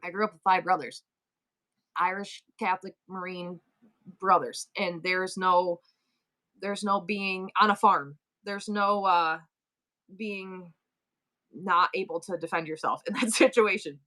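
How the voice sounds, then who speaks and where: A middle-aged woman hosting a live selling stream, telling a story in a rambling, animated way full of asides and restarts. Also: lowish voice, unhurried, long pauses. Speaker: live-stream seller and host. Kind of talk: casual storytelling chat.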